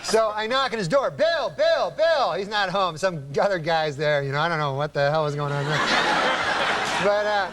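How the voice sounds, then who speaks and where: A man telling a long rambling story as a talk show guest, in a deadpan, halting way full of fillers. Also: fairly high pitch. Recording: noisy studio with audience laughter. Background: studio audience laughing.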